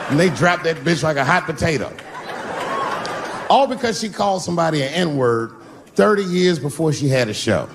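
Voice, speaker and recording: A middle-aged man performing a loose, swaggering stand-up set, jumping to sudden high exclamations. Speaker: stand-up comedian. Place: large theater with audience. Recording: live crowd laughter, stage noise.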